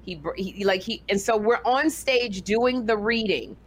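A woman co-hosting a talk show, telling a story in a lively, casual way and acting out other people's voices as she goes. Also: mid-range voice, unhurried, a little hiss or hum.

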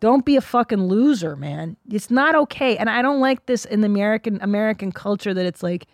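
A middle-aged woman hosting a podcast, telling stories in a brash, profane, animated way. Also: mid-range voice, brisk, dry recording, studio quality. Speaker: podcast host. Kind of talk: casual comedic chat.

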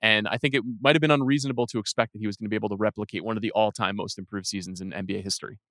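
A man's voice: on the low side, fairly even intonation, very fast, a bit bright, dry recording, studio quality. A man guesting on a podcast, talking about sports and movies in a wry, articulate way. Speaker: podcast guest, film critic. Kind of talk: casual conversation.

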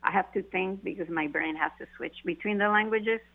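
A woman's voice: mid-range voice, fairly quick, gravelly. A woman who is not a native English speaker, with a light foreign accent, telling stories earnestly in a casual chat. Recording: tinny phone line.

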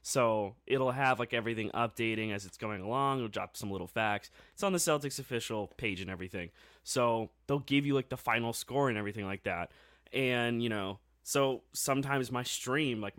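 A man co-hosting a sports podcast, telling a game story in a casual, excitable way with lots of fillers. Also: on the low side, moderate pace, no room sound, studio quality.

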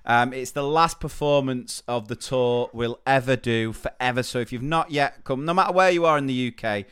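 Co-host: man, smooth bright voice, friendly promo read. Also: mid-range voice, normal speed. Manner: jokey, teasing, then earnest plugging. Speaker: podcast co-host. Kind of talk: casual chat, show promotion.

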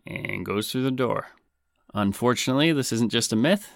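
Canadian male podcast host, lowish voice, dry close sound, jokey banter. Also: fairly even intonation, brisk, vocal fry, a bit bright, smooth, dry recording. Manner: joking, self-mocking banter. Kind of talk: comedic podcast monologue.

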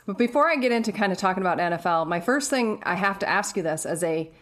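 A woman's voice: mid-range voice, expressive, fast talker, fairly bright tone. A woman hosting a casual interview, asking questions in a friendly, chatty way. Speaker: interview host.

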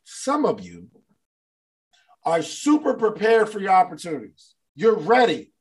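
High-voiced animated motivational speaker. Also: male voice, unhurried. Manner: animated, playful, acts out scenes. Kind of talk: casual motivational talk to a live online audience.

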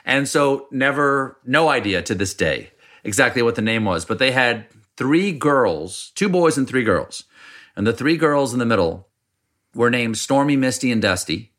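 A middle-aged man from South Carolina, a podcast guest telling wry, animated stories. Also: mid-range voice, normal speed. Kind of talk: casual conversation, storytelling.

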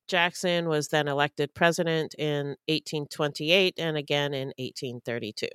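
A woman co-hosting a podcast, reading history notes at a steady pace and agreeing often with her co-host. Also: low-pitched, normal speed, clean tone, dry recording, clean studio sound.

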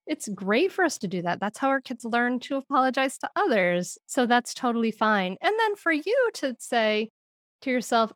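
A woman speaking as a guest expert on parenting in an interview, with an earnest, gentle, explanatory manner. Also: fairly high pitch, big pitch swings, moderate pace, no echo, clean studio sound. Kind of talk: interview answers.

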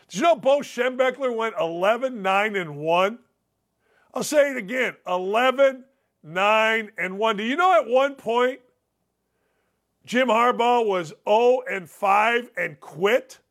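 A man's voice: very high voice, fairly bright tone. A man hosting a sports talk show, delivering a combative, opinionated monologue that repeats points for emphasis. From United States.

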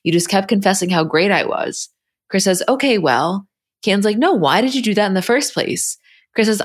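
A woman's voice: mid-range voice, expressive, moderate pace, breathy edge. A woman co-hosting a podcast, bluntly retelling a reality show episode in casual chat. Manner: retells scenes quoting the cast, blunt. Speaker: podcast co-host.

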